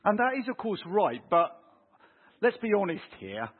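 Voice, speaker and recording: A man preaching a lively sermon, acting out little scenes with family voices. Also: sits high, moderate pace, slightly rough. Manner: animated, acts out voices of kids and parents. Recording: tinny phone-like sound.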